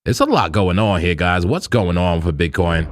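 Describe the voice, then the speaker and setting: A man's voice: sits low, very animated, moderate pace, slight background noise. A man hosting a crypto trading livestream, chatting loosely with viewers in slang, repeating himself and laughing often. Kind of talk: casual live-stream chat with viewers.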